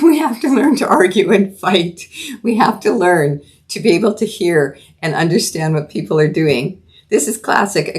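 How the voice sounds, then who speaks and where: Middle-aged woman from Canada, solo podcast host, lowish voice, earnest and emphatic commentary with restarts.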